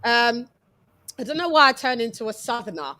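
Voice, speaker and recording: High-voiced playful woman host. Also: sing-song, fairly quick, pushed and bright. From England. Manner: playful, sing-song intros, chatty asides. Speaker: livestream host. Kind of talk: casual boxing chat livestream.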